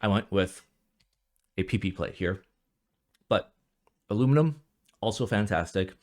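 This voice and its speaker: A young man ranting casually in a vlog about keyboards, profane and rambling, swinging from low mutters to loud outbursts, sounding jet lagged. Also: expressive, unhurried. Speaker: keyboard reviewer.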